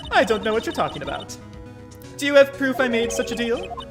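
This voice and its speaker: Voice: mid-range voice, huge pitch swings, moderate pace, music in the background, pitched above the performer's own voice. A gamer reading a haughty young woman prosecutor. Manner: haughty, cold. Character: arrogant young female prosecutor.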